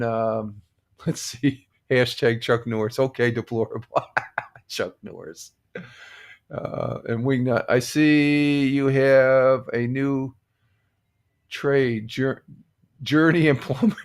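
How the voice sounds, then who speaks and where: Older New York man chatting live. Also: mid-range voice. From United States. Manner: rambling, many fillers and restarts, greets viewers by name. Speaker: livestream host. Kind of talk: casual chat with chat readers.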